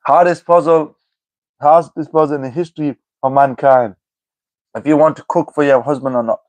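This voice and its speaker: A man's voice: a little high, fairly even intonation, normal speed, darkish tone, dry recording. A man live-streaming and replying to chat comments, teasing the viewers and calling them by name over and over. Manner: teasing, repeats commenters' names, keeps saying "you know what I mean".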